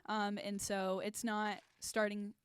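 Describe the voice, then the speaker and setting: A woman co-hosting a podcast, asking gentle questions and answering in a thoughtful, measured way. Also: mid-range voice, monotone, clean tone. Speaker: podcast co-host. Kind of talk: candid podcast conversation.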